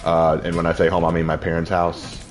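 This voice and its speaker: Tired, low-voiced male streamer. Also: monotone, brisk, slight background noise. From Southern United States. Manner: low-key, rambling. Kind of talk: casual live-stream chat while gaming.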